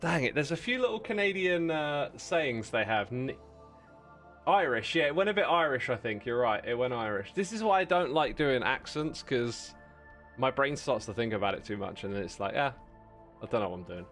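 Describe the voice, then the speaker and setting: A man's voice: medium pitch, expressive, moderate pace, fairly bright tone, soft background music. A man chatting casually with viewers while playing on a livestream, rambling and self-deprecating, laughing often.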